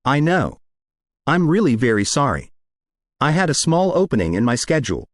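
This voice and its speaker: A man's voice: medium pitch, sing-song, moderate pace, no room sound, clean studio sound, close to an everyday voice. A man voicing an armored male hero leader, speaking in an urgent, politely insistent way. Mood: pleading.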